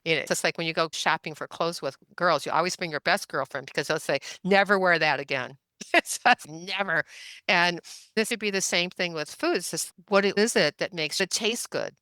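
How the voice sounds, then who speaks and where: A woman's voice: on the low side, a little fast, sharp tone, no room sound. A woman in her seventies, a podcast guest telling stories in a chatty, anecdotal way and laughing often. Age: 70s. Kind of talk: casual storytelling interview.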